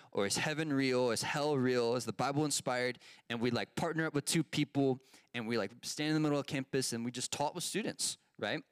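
A man's voice: mid-range voice, fairly bright tone, dry recording, studio quality. A man teaching a casual Bible lesson, asking his group questions and telling a personal story with many fillers.

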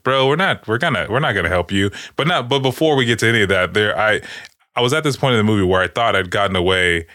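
A man's voice: low voice, fairly bright tone, no room sound, clean studio sound. A man casually discussing a film with friends on a podcast, rambling and swearing, with lots of fillers. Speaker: podcast co-host.

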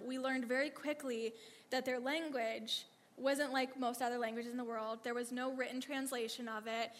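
A woman telling animated ministry stories to a church audience, laughing often and acting out the lines of the people in her stories. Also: on the high side. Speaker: speaker sharing ministry stories. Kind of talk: testimony storytelling to a church audience. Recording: long reverb of a hall.

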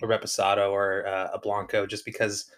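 A man's voice: fairly low pitch, monotone, a little fast, a bit bright. A young man co-hosting a podcast, chatting casually and giving his opinions, with plenty of fillers and restarts. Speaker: podcast co-host. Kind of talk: casual chat.

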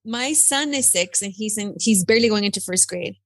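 A woman in her thirties co-hosting a podcast, teasing and animated in casual chat, mixing in Spanish phrases. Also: mid-range voice, brisk, no echo. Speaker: podcast co-host.

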